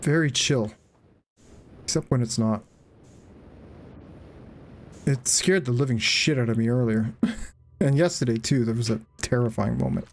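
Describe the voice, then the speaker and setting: A tired, yawning man chats casually while streaming a game live, rambling with fillers and swearing often. His mid-range voice is creaky and unhurried, with frequent pauses.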